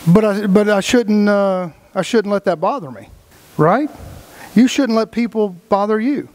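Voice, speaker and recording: A blunt, folksy man leads his group through a casual motivational talk, acting out little scenes in other people's voices. His voice sits high for a man, and the recording is dry and close with almost no room sound. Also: lively intonation, normal speed, darkish tone, dry recording. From Texas. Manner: blunt and folksy, acts out quoted voices, swears freely.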